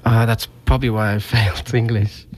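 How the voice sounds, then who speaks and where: A man's voice: on the low side, flat delivery, brisk. A man on the radio as a comedian guest, playful and wisecracking, often talking over the others. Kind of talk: joking radio banter. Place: radio studio.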